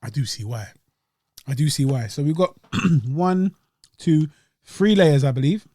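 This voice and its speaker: A man's voice: a little high, animated, unhurried, dark tone, no room sound. Slangy young man, eating on a podcast. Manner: laid-back, slangy and chatty, eating while talking. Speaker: podcast host reviewing desserts. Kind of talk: casual chat.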